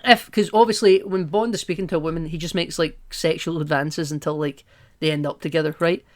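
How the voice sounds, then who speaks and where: A man's voice: fairly high pitch, steady tone, fairly quick. A man co-hosting a podcast, chatting casually about a film, rambling and playful with many asides. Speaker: podcast co-host. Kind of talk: casual film-review chat.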